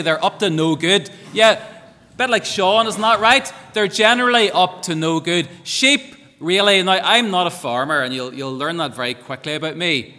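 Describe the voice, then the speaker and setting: A man's voice: on the high side, pushed and bright. A man leading a school assembly, upbeat and asking the children questions. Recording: echoey hall reverb.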